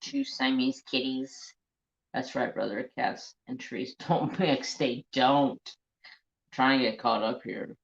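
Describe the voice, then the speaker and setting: A man's voice: mid-range voice, steady tone, takes it slowly, vocal fry, dull audio. A man hosting a casual crafting livestream, telling salty, rambling stories and greeting viewers in the chat. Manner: rambling, salty storytelling while reading live chat. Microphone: handheld phone.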